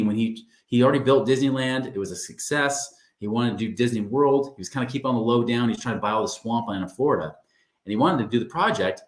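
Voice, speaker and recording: The sound is roomy as this man, a money coach, runs a webinar with a medium-pitched voice. He keeps things upbeat and chatty, repeatedly asking "right?" and saying "guys" as he checks on his listeners.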